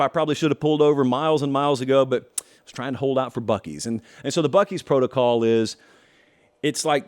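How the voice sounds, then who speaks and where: With a fairly high-pitched voice, a middle-aged Southern American man hosts a show. He shares strong opinions in a folksy manner, stretching words to underline them and adding wry side comments.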